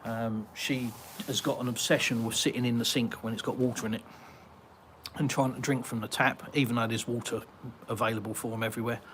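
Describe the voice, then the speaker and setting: Brisk and steady, a fairly bright mid-range male voice comes through a little hiss or hum as a British live-stream host answers viewer chat. Sitting in his garden for a casual Q&A, the Englishman rambles and chats, filling his reading of comments with ums and uhs.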